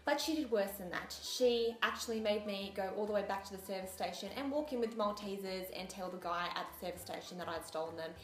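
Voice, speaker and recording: A woman's voice: medium pitch, fast talker, hardly any pauses. A young woman telling a story in a casual, chatty vlog, sarcastic and acting out the lines of people in it. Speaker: beauty vlogger. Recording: echoey room with faint music.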